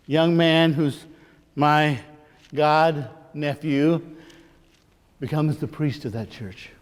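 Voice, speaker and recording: A man's voice: fairly high pitch, a little mellow. A man, a priest, telling a personal story in a rambling, confiding sermon with many asides. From Missouri, United States. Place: large church hall. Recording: long hall reverb.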